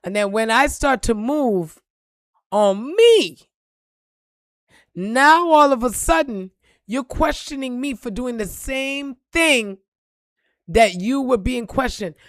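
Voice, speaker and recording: Slow-talking high-voiced woman ranting. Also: expressive, dry recording, clean studio sound. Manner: blunt, profane, preachy. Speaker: spiritual reader and vlogger. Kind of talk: emphatic storytelling rant.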